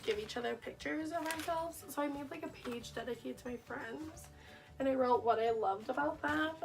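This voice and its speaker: A woman's voice: high voice, vocal fry, recorded from a distance. A young woman vlogger reading her old diary aloud in a casual, self-mocking, wry way, laughing at herself.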